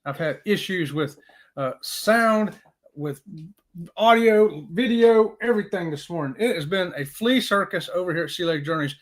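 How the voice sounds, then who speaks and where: A man hosting a live stream in casual chat, folksy and excitable, often saying y'all. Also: sits high, normal speed.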